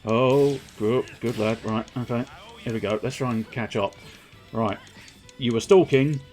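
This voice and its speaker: A man with a mid-range, darkish voice streams a video game at a measured pace, with faint music in the background. He chats casually with viewers, rambling and poking fun at himself, and sometimes slips into silly voices during his live commentary.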